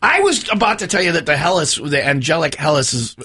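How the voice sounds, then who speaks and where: A talkative male host with a bright, forceful voice and a husky edge. He chats casually and jokes as he tells his stories. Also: fairly high pitch, sing-song, a little fast. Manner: talkative, jokey storyteller. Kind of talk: casual chat.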